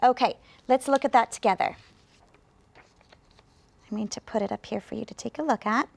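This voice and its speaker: A woman teaching English pronunciation in a video lesson, speaking slowly and clearly with deliberate pauses to demonstrate. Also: a little high.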